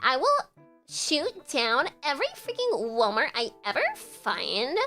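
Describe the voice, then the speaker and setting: A woman's voice: high-pitched, sharp tone, heavily acted. A woman doing a whiny spoiled Valley Girl. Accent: put-on California Valley Girl. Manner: whiny, over-the-top, drawn-out vowels.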